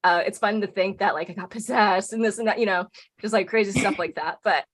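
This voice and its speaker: A woman telling a spooky personal tale in a loose, chatty way, with "like" dropped into almost every phrase. Her voice sits at an ordinary middle pitch for a woman. The talk is unscripted and conversational. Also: a little fast. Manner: chatty, peppers speech with "like". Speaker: podcast guest. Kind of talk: casual storytelling.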